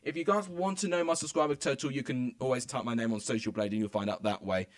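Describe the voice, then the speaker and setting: A young man giving excitable, rambling commentary as he live-streams a football match from home. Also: medium pitch, fast talker. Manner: excitable, rambling, many fillers. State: out of breath. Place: home room.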